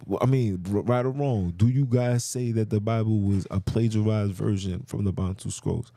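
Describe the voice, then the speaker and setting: A man's voice: fairly low pitch, fairly even intonation, moderate pace, mellow, a little hiss or hum. A man hosting a podcast, telling a story in a heated rant. He fires off rhetorical questions and uses street slang. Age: adult. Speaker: podcast host. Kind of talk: ranting monologue.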